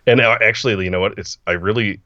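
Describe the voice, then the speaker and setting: A man guesting on a podcast with his child, chatting casually with a lot of vocal fry. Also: lowish voice, quick pace, bright, forceful tone, no echo, lo-fi sound.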